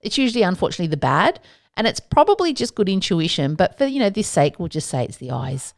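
A woman's voice: on the low side, big pitch swings, fast talker. A woman hosting a solo podcast, talking casually with playful asides and self-mocking jokes. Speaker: podcast host.

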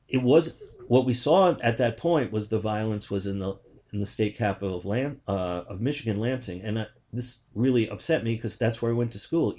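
A man's voice: fairly low pitch, a little mellow. An older man, a journalist, giving indignant political commentary in a rambling way, with frequent restarts.

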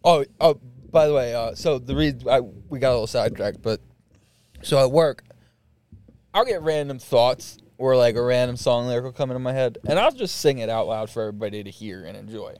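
A man's voice: mid-range voice, brisk, a little mellow. A young man co-hosting a podcast, telling work stories in casual chat, laughing often and swearing. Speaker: podcast co-host.

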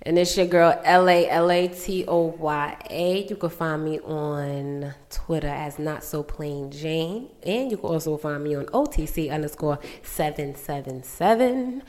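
A woman hosting a casual podcast, quick and playful, reading out her handles. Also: low-pitched, darkish tone. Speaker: podcast host.

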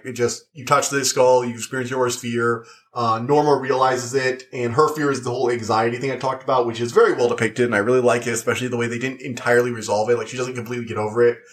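A young man talking through a show review in casual chat, rambling and full of likes and uhs. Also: mid-range voice.

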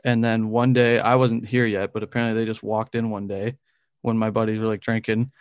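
A man's voice: on the low side, flat delivery, fairly quick, clean tone, no room sound. A young man, telling a long story in casual chat, rambling with lots of "like" and frequent laughs. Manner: rambling, fills speech with "like", laughs often. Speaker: podcast co-host telling a story.

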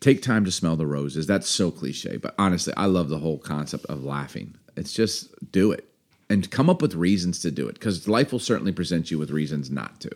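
A man's voice: deep voice, lively intonation, fairly quick, a little mellow. A man co-hosting a family podcast as the father, chatting casually, laughing often and giving earnest advice.

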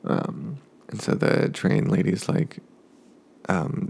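A man telling a casual spoken anecdote, rambling along with digressive asides and dark jokes. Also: sits low, unhurried, gravelly, husky. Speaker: storyteller.

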